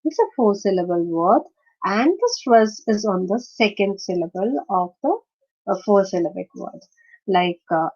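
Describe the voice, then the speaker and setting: A woman lecturing on word stress, hesitating often and slowly sounding out example words. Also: mid-range voice, lively intonation, darkish tone, dull audio. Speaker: teacher.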